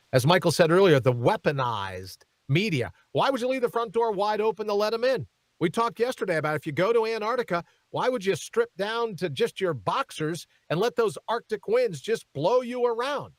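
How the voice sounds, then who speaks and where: A man's voice: high voice, no room sound. A man hosting a talk radio show, giving emphatic commentary and turning often to his co-host. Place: radio studio.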